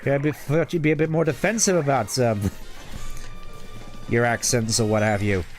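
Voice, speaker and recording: A man's voice: medium pitch, steady tone, moderate pace, faint music behind, close to an everyday voice. A man voicing Sonic, a cocky young male hedgehog hero, teasing and sarcastic.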